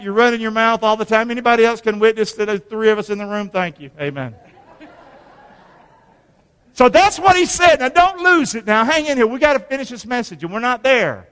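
A male pastor preaching a sermon, lively and conversational, with call-and-response and joking asides. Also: very high-pitched, normal speed. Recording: long hall reverb.

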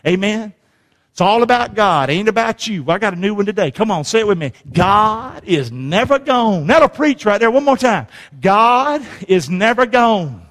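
Man, pastor, high and animated voice, call-and-response sermon, long church reverb. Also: moderate pace. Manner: call-and-response preaching, swings from hushed to shouting. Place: church sanctuary.

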